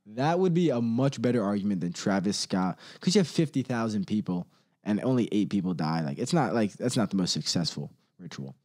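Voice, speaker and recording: A man ranting casually on his own, rambling and profane, laughing often and quickly mimicking others. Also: on the low side, lively intonation, darkish tone. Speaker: solo commentator.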